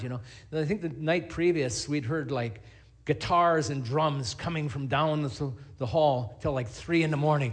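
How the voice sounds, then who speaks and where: A middle-aged man, a pastor, preaching a sermon and telling stories in a lively, animated way. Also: a little high, normal speed. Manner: storytelling, animated, acts out scenes.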